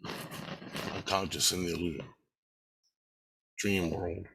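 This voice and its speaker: Gravelly low-voiced man rambling. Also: fairly even intonation, slow, bright, forceful tone. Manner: profane, repetitive storytelling. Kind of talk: rambling personal monologue.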